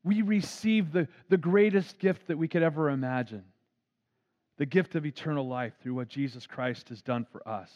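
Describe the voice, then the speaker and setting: A man's voice: a little high, normal speed. A man, a pastor, preaching an earnest storytelling sermon. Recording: dull lo-fi recording.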